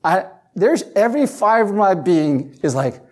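A pastor giving a casual, story-driven sermon, leaning on "you know" and swinging from loud to hushed. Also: mid-range voice, sing-song, moderate pace. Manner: chatty, anecdotal, heavy on "you know". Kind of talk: conversational sermon.

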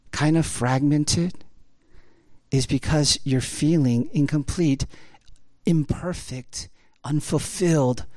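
A male pastor delivers a sermon in a loose, conversational way, leaning on tags like "right?" and "like". His voice sits a bit high for a man. He surges into urgent, raised stretches and then drops into hushed, intense ones, and the close, dry sound keeps every word present. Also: no room sound.

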